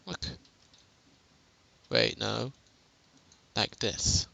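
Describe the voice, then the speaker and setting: Quiet, chatty man giving a game tutorial. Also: fairly low pitch, fairly even intonation, extremely slow, creaky, poor audio. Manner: chatty and self-mocking, laughs often. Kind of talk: casual gameplay tutorial commentary. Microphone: headset.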